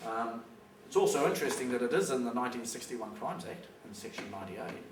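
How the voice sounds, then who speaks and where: A man's voice: mid-range voice, lively intonation, fast. A man with a New Zealand accent giving a plain-spoken, emphatic public talk to an audience in a school hall. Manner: emphatic, plain-spoken, acts out phone calls. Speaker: public speaker. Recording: echoey hall recorded from a distance with background noise.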